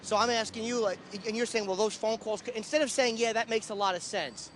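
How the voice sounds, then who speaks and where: A man's voice: high voice, fast, a bit bright, a little hiss or hum. A man hosting a show, arguing outdoors on a city street in a mocking, taunting way. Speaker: radio host. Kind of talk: heated street argument.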